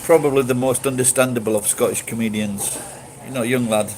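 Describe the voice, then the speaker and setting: A middle-aged man from Sheffield with a softened Yorkshire accent, rambling through a late-night monologue, swearing casually and restarting his sentences. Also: mid-range voice, fairly even intonation, brisk, noisy background. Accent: Yorkshire English, softened. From Sheffield, England. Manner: meandering, swears casually, many restarts and fillers.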